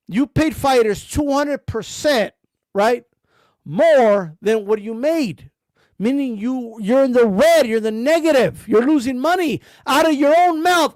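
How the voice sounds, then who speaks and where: A man with a strikingly high voice, ranting sarcastically and swearing freely. He keeps firing rhetorical questions at his target, and the sound is close and bone-dry. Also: no room sound. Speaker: boxing streamer. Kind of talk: heated rant.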